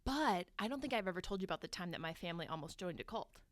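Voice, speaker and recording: A woman's voice: on the low side, animated, very fast, no room sound. A woman co-hosting a podcast in casual chat, laughing often as she tells stories. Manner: chatty, laughs often, storytelling. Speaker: podcast co-host.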